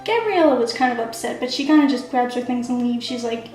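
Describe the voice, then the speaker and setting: Brisk and animated with hardly any pauses, a woman's fairly high, darkish voice runs through the plot of her own story. The amateur writer keeps it chatty and fills it with "like" and "kinda," while the echoey room carries faint background music.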